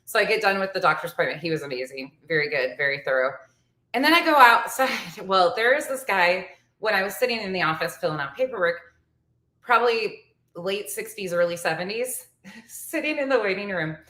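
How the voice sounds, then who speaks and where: A woman's voice: medium pitch, expressive, fairly quick, sharp tone. Chatty woman in her forties, roomy sound. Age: 40s. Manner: chatty, laughs often while telling the story. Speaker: vlogger. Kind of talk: casual storytelling chat.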